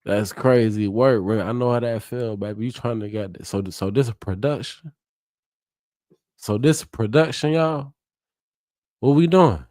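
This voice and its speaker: A hyped, chatty man running a live reaction stream, his voice sitting fairly low. He laughs often and swears freely as he talks to his viewers. The sound is dry and close, with no room echo. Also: normal speed, darkish tone. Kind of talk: casual live reaction commentary.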